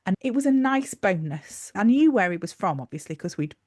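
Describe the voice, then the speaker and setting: A woman's voice: medium pitch, sing-song, brisk, a little mellow, no room sound, studio quality. A woman in her forties, a podcast co-host, chatting casually with restarts and trailing clauses. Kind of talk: casual chat.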